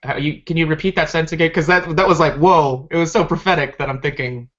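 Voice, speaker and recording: A moderator hosting a writing panel, talking in an effusive, excitable way. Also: medium pitch, fast, muffled recording.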